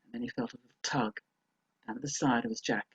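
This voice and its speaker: Brief: woman storyteller, dramatic folk-tale telling, husky edge, dry close sound. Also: very deep voice, steady tone, fast talker, no echo, dull audio. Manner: dramatic, shifting between hushed and emphatic.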